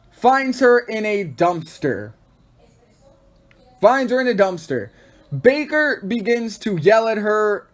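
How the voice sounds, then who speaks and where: High-voiced excitable man reviewing wrestling. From Texas. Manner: excitable, acts out quoted wrestlers in funny voices. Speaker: podcast host.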